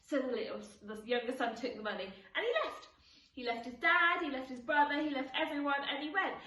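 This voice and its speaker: A woman, a children's church leader, telling a Bible story to children in an animated, expressive way. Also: high voice, brisk. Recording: echoey room, distant mic.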